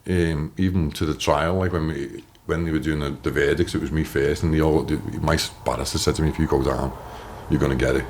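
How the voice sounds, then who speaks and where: A man in his thirties with a Liverpool accent, telling his story as a podcast guest, animated and swearing, acting out what others said. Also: extremely low pitch, fairly quick, few pauses, a little hiss or hum. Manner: animated, swears, acts out quotes. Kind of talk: casual storytelling.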